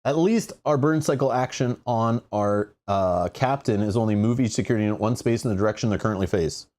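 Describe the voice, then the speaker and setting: Male board game streamer, lowish voice, chatty think-aloud play, excitable bursts. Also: brisk. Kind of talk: live solo board game playthrough.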